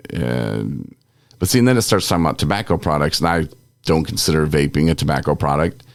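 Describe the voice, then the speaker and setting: Deep-voiced man on an exasperated rant. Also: expressive, brisk, vocal fry, no echo, studio quality. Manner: worked-up, exasperated ranting. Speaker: podcast co-host. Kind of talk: casual ranting chat.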